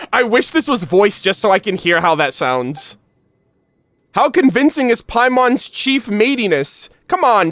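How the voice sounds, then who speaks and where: A streamer giving live game reaction commentary, excitable and exclamatory, talking straight to chat. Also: mid-range voice, no echo.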